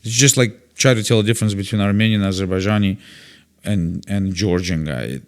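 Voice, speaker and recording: A man's voice: lowish voice, a little fast, clean tone. A man, a comedian guest, telling stories in casual conversation, blunt and opinionated, acting out other people's lines and swearing freely. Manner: animated storyteller who acts out quoted voices and swears freely.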